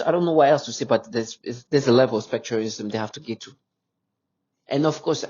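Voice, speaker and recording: A man speaking in an agitated, unscripted monologue to his viewers, halting often with stammered restarts. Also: medium pitch, a little mellow, breathy edge, highs cut off. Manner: agitated and insistent. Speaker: vlogger addressing viewers.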